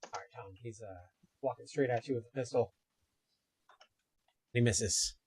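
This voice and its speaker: A man acting as game master, narrating a tabletop game and making brisk, matter-of-fact calls on each player in turn. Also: mid-range voice, darkish tone, breathy edge.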